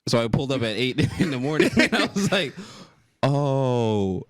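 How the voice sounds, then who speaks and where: A young man, a guest rapper, chatting in a relaxed, laid-back, self-deprecating way. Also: mid-range voice, fast talker, dry recording, studio quality. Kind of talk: casual chat.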